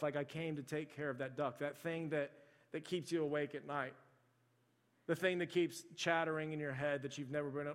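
Pastor telling a story in a reverberant sanctuary. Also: male voice, fairly high pitch. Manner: conversational, folksy storytelling with quiet acted asides. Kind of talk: sermon storytelling. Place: church sanctuary. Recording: long hall reverb.

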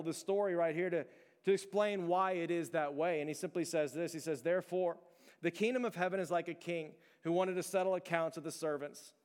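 A man preaching a conversational sermon, often dropping to a low, hushed voice for emphasis. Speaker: pastor. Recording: long hall reverb.

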